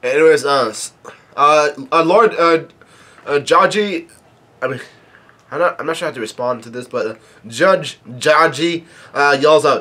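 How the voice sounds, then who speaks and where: A man casually reading through and reacting to a manga chapter, halting often with fillers and restarts. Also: on the high side. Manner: reads quoted dialogue flatly without acting.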